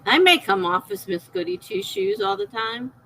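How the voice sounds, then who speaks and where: Chatty woman with a gravelly, bright voice. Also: extremely high pitch, big pitch swings, normal speed, slight background noise, low-quality recording. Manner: chatty, laughs often, reads out chat comments. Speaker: live stream host. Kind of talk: casual chat with viewers.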